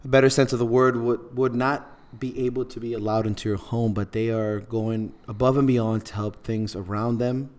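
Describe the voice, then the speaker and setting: A man's voice: medium pitch, fairly even intonation, normal speed, hardly any pauses, darkish tone. A man hosting a podcast, telling a story in an earnest, heartfelt way with frequent repeats. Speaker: podcast host. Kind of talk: casual podcast talk.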